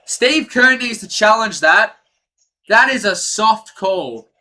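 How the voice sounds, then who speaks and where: Male fan streamer calling the game live, openly biased, erupts at bad calls, bright edgy voice. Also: sits high, slow. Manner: partisan, excitable, rants at referees.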